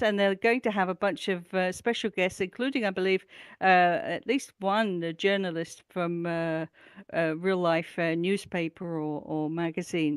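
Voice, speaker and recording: This woman's voice sits on the lower side, clear and resonant, recorded with no room sound. Presenting her talk show's recurring events segment, she keeps things chatty and upbeat, filling the casual community news roundup with frequent ums and uhs.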